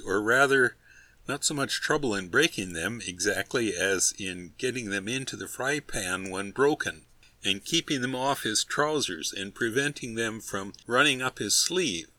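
A man's voice: medium pitch, pushed and bright, dry recording. A man reading a comic novel aloud as an audiobook narrator, in a wry, storytelling manner. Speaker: audiobook reader. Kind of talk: scripted narration.

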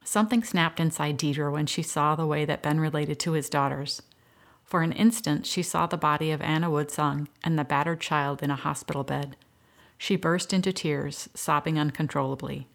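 A woman narrating an audiobook story in a steady, even storytelling manner. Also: sits low, normal speed, gravelly.

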